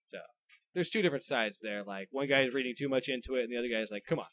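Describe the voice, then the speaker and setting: A man's voice: mid-range voice, fast, a bit bright. A man co-hosting a casual comedy podcast, reading out odd news stories and stumbling over his notes.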